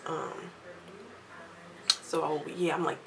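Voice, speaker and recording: A young woman telling a casual storytime vlog at home, lively and chatty, acting out what others said. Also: fairly low pitch, brisk, background noise. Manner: chatty, animated quoting of others, laughs often. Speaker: vlogger.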